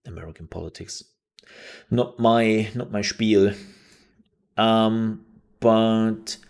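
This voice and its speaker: A man's voice: low voice, darkish tone. A man hosting a live stream, chatting casually and rambling, with many fillers and restarts. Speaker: streamer and news show host.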